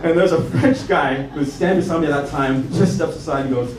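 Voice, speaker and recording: A man's voice: a little high, brisk, a crowd in the background. A man from Canada performing a stand-up comedy set, telling stories animatedly and acting out voices. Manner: animated storytelling with acted-out voices. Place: comedy club stage with audience laughter. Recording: echoey club room from a distance with noise.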